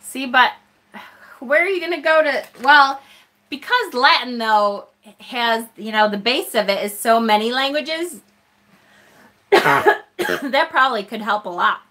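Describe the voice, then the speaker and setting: A woman with a slightly high, bright voice chats with her viewers on a live stream, taking her time over each thought. She pokes fun at herself and breaks into laughter often. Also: a little slow, long pauses. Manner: chatty, self-deprecating, laughs often. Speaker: live-stream host unboxing a tarot deck.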